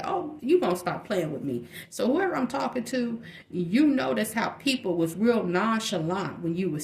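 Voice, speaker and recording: A woman giving a casual tarot reading in a blunt, chatty way, with slang and fillers. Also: lowish voice. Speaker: tarot reader. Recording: echoey room with faint noise.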